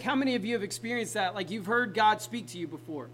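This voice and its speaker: A man's voice: high voice, animated, fast talker, hardly any pauses, a bit bright, low-quality recording. A man preaching a sermon in a casual, conversational way, often asking the congregation questions. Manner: conversational, talks straight to the congregation. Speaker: pastor.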